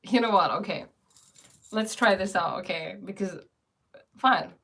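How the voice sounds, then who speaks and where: A woman's voice: mid-range voice, lively intonation, slow, creaky, a bit bright, slightly rough. A woman teaching spiritual ideas in a casual live stream, playful and often laughing as she answers viewers.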